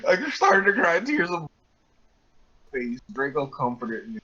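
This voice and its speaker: A man's voice: fairly high pitch, wildly swooping pitch, a little slow, sharp tone, husky, highs cut off. A man on a comedy podcast reading a fan fiction aloud, exasperated and stumbling over words.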